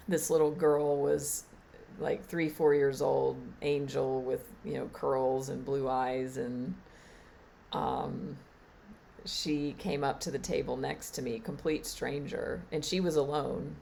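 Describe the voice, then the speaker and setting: A woman teacher giving a reflective spiritual talk on a live stream, halting and trailing off with fillers. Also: a bass voice, little pitch movement, vocal fry, warm tone, a little hiss or hum. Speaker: meditation and Reiki teacher.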